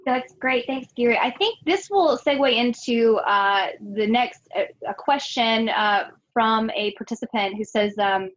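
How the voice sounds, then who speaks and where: A woman's voice: fairly high pitch, a little slow, few pauses. A woman moderating a webinar, summarizing points in a hesitant way with many fillers. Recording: dull lo-fi audio with faint noise.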